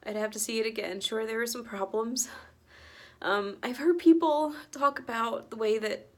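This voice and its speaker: A woman's voice: fairly high pitch, normal speed, darkish tone. A woman giving an earnest, emotional and chatty reaction vlog, laughing often as she talks. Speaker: movie reaction vlogger.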